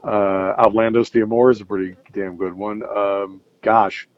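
A middle-aged man with a low voice speaks as a guest over a call. He talks thoughtfully, pausing on fillers and restarting his sentences. The audio is dull and lo-fi. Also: level tone. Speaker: interview guest, music expert. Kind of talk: casual interview over a call.

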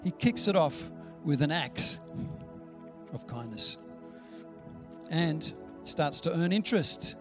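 A man preaching a sermon in an easygoing, storytelling way, voicing the people in his anecdotes. His voice sits a little high for a man. Music plays clearly behind him. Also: animated, takes it slowly, pauses often. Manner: conversational storytelling preacher, acts out quoted dialogue. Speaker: pastor.

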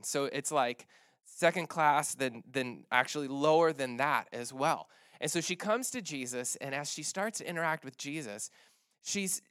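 A man's voice: a little high, clear, resonant tone, no echo, clean studio sound. A man preaching a sermon in a conversational way, often restarting phrases and acting out the people in the story. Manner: conversational, many restarts and fillers, animated retelling. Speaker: pastor.

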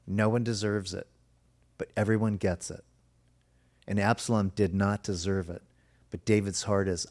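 A man preaching a sermon as pastor, earnest and emphatic, now and then slowing to a soft, drawn-out stress. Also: fairly low pitch, fairly even intonation.

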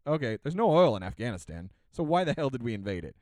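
Animated, sarcastic man ranting. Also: medium pitch, fast talker, hardly any pauses, no room sound. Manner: animated, sarcastic, many fillers and restarts. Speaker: podcast co-host. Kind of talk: casual ranting chat.

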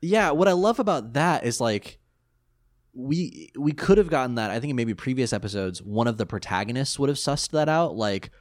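A man co-hosting a casual podcast recap, animated, joking and sarcastic. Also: medium pitch, normal speed, no echo, clean studio sound. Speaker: podcast co-host.

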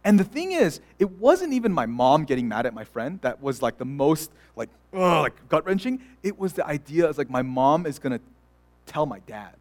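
A man's voice: fairly high pitch, big pitch swings, moderate pace. A young adult man, a pastor, preaching a sermon in a chatty storytelling way with many fillers and restarts. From United States.

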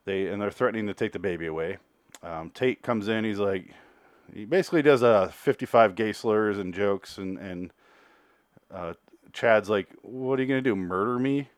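A man's voice: lowish voice, moderate pace, dry recording, clean studio sound. A man hosting a solo review podcast, recapping an episode in a rambling, profane, chatty way. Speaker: podcast host reviewing a TV series.

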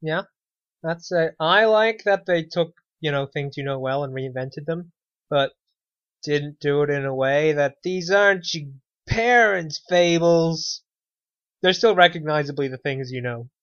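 Slightly high, fairly bright, and smooth, this man's voice moves a little slowly as he co-hosts a podcast on a dry recording. He chats casually with a sarcastic, wry edge and frequently trails off and restarts, in dull lo-fi podcast sound.

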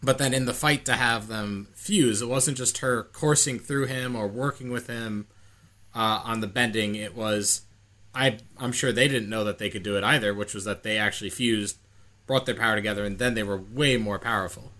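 A man's voice: lowish voice, fairly even intonation, moderate pace, pushed and bright. A man co-hosting a podcast, thinking aloud in a rambling way. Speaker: podcast co-host. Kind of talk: casual chat.

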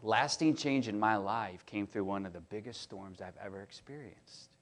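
A middle-aged man preaching a sermon, talking in a casual, animated way and often restarting his sentences as he tells stories. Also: fairly low pitch, moderate pace. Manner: conversational, animated storytelling with many restarts. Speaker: pastor.

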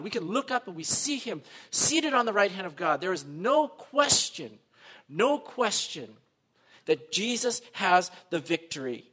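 Male pastor, high bright voice, animated sermon storyteller who swings loud and soft. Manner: animated, acts out quoted voices, swings between loud and hushed.

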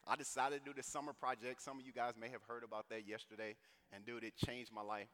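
A man in his thirties from St. Louis giving a personal testimony at a conference, telling the story in a casual, animated way with lots of slang asides. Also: medium pitch, quick pace. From St. Louis, USA. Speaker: conference speaker. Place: conference hall. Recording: echoey hall reverb.

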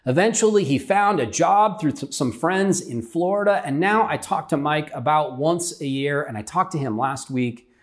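A man's voice: on the high side, lively intonation, normal speed, hardly any pauses. A middle-aged man, a pastor, telling a personal story in an earnest, conversational sermon style.

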